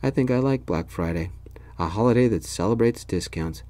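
A man's voice: lowish voice, animated, moderate pace, warm tone, close to an everyday voice. A man voicing a sick, easygoing young man from England, with a congested, nasal voice, in a whispered role-play.

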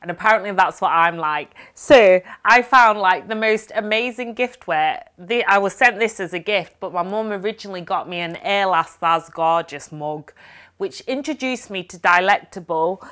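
A woman's voice: mid-range voice, lively intonation, moderate pace, a bit bright. A young woman from Yorkshire with a broad Yorkshire accent, chatting casually to camera while unboxing gifts. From Yorkshire, England. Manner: chatty and upbeat, broad dialect phrases. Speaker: lifestyle vlogger. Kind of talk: casual vlog chat, unboxing.

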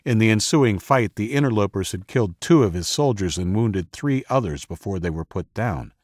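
A man reads an audiobook in a very deep voice, slow and measured, with lively swings of pitch for drama. The recording is dry and close. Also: dry recording. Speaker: audiobook narrator. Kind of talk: scripted audiobook narration.

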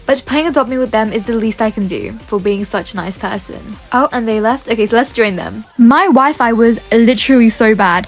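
A bubbly young woman with a bright, high voice chats excitedly to her viewers while she plays, gasping and gushing between lines. Faint music sits under her casual commentary. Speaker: gaming YouTuber.

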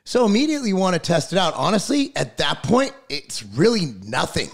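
Brief: middle-aged guy, higher-pitched, profane and passionate, casual podcast talk. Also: sing-song, fairly quick, creaky. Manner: profane, fired-up ranting.

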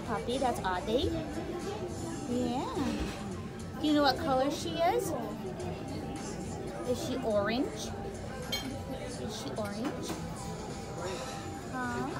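A woman speaks in coaxing baby talk to a little one, her high voice swooping up and down as she draws out every word. A loud crowd and thumping music fill the water park around her. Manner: sing-song, coaxing, slow and playful. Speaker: mother. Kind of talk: baby talk to a small child.

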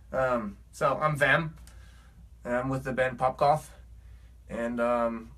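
A man's voice: mid-range voice, a bit bright, husky. A man with a put-on British accent, a musician talking in a rambling, earnest and preachy vlog monologue.

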